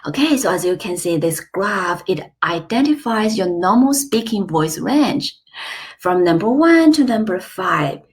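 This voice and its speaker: A woman teaching an online lesson, slow and clear, with playful examples. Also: mid-range voice, lively intonation. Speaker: Chinese teacher.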